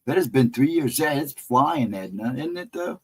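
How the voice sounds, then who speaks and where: A man hosting a laid-back livestream, chatting with viewers in an easy, conversational way. His voice sits at an ordinary middle pitch. He wanders through stories with small chuckles and restarts. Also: lively intonation, normal speed, breathy edge, poor audio. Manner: rambling anecdotal storyteller, chuckling often. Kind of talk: casual livestream chat.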